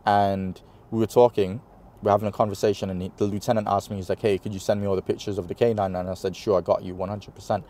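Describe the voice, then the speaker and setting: Speaking fast in a lowish voice, this New York-accented man is a guest in an interview. He retells a personal story animatedly, performing the dialogue himself and filling his speech with lots of fillers.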